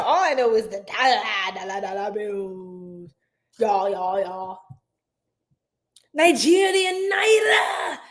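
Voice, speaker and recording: A woman hosting a casual livestream tarot reading, playful and chatty, laughing often and talking to her chat in slang. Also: sits high. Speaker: tarot reader and livestream host.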